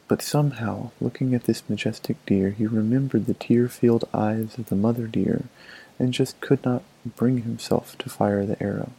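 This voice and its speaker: Gravelly, low-voiced male storyteller. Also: fairly even intonation, normal speed, warm tone, poor audio. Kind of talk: storybook narration.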